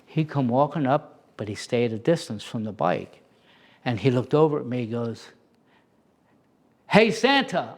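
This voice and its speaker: Speaking at a medium pitch, a Santa performer recounts a relaxed story in a lively way and gives each quoted person their own voice.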